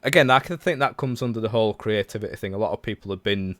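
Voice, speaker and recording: A man's voice: fairly low pitch, fast, a bit bright, no echo. A man in his thirties hosting a casual livestreamed podcast, talking in a rambling, chatty way full of self-corrections. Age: 30s. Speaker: podcast host.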